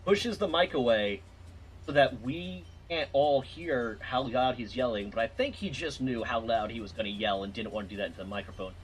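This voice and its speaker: A man's voice: medium pitch, moderate pace, a little hiss or hum. A man streaming a game while telling a rambling, profane story in a casual way. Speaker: gaming streamer.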